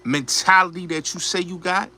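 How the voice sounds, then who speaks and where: A man's voice: high voice, steady tone, moderate pace, pushed and bright, slight background noise. A man hosting a show, delivering a blunt, profane, repetitive ranting commentary. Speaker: show host.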